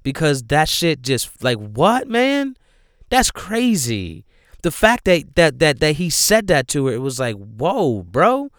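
A man hosting a casual movie review chat, emphatic and profane, breaking into loud outrage. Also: a little high, big pitch swings, measured pace, smooth, no room sound, clean studio sound. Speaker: podcast host reviewing movies.

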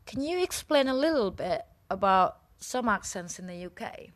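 A woman hosting a podcast, who introduces her guest and asks him clearly phrased, prepared questions. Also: mid-range voice, animated, normal speed, a bit bright. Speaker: podcast host.

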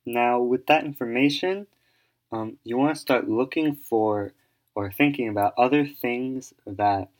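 A man gives advice solo, explaining an idea in casual, rambling talk full of fillers and restarts as he thinks aloud. His voice is medium-pitched and his pace measured.

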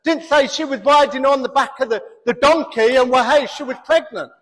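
High-voiced pastor preaching in a hall. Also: male voice, fairly quick. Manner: animated, switching between preaching and comic voices. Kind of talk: sermon. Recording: long hall reverb.

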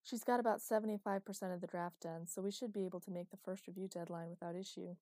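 A woman voicing a wry, gently teasing young man in an audiobook, with a mellow voice. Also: on the low side, fairly even intonation, fast talker, no room sound, natural voice. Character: dry, teasing young man, patient partner.

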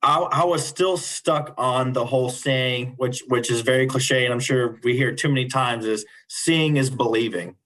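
A man's voice: mid-range voice, normal speed, few pauses, fairly bright tone, poor audio. A young man from the United States, a teacher and podcast guest, telling a personal story in an earnest, casual way, often repeating words as he goes. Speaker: guest, special education teacher.

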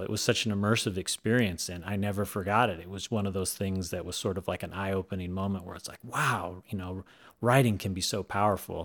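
A man being interviewed as an author, telling stories casually in a rambling, animated way with frequent restarts. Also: lowish voice. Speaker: author guest.

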